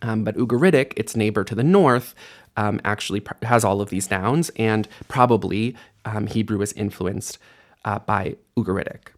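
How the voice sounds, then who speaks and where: A man's voice: lowish voice, normal speed. A man teaching an online language lesson in a casual, friendly way, explaining grammar and repeating words aloud for practice. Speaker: Hebrew teacher.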